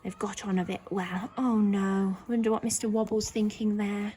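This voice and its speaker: A woman with an English accent teaching young children, speaking slowly and clearly and acting out characters' lines in big high voices. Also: little pitch movement, warm tone. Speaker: primary school teacher.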